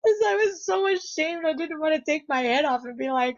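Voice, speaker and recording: Giggly young woman vlogger, high voice. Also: measured pace, muffled recording. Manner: giggly, excitable, frequent laughter. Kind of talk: casual storytelling vlog.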